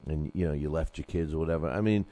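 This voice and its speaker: A man's voice: a bass voice, fast talker, dark tone. A man hosting a boxing talk show, rambling casually with lots of fillers and restarts.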